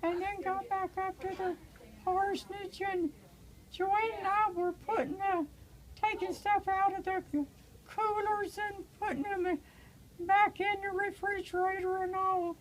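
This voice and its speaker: An older woman, an evangelist, telling her personal testimony in a halting way with many pauses and fillers, turning tearful in places. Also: very high voice, little pitch movement, a little hiss or hum, poor audio.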